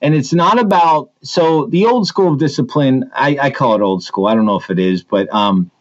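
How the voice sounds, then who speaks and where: A man talking casually as an interview guest and working through school stories with lots of false starts and restarts. He has a middle-pitched voice, and the sound is slightly dull and lo-fi. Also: moderate pace. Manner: animated storyteller with many restarts. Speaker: assistant principal, guest.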